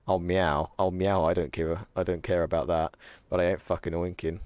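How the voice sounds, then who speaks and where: A man's voice: deep voice, level tone, brisk, a little mellow, smooth, no room sound. A young man chatting casually on a live stream, rambling, self-correcting and swearing now and then. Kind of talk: casual chat reading stream chat.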